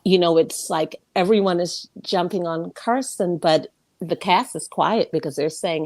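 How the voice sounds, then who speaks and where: A woman's voice: fairly low pitch, measured pace, darkish tone, no room sound. A woman calling in to a livestream, praising the host and giving earnest opinions. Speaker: caller. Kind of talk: casual call-in chat.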